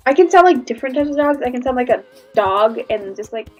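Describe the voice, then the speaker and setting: A woman's voice: a little high, animated, fast talker, darkish tone, soft background music. A woman hosting a casual reaction livestream, rambling and giggly with lots of restarts. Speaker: livestream host.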